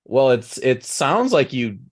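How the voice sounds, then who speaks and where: A man doing a calm puzzled foot doctor. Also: medium pitch, takes it slowly.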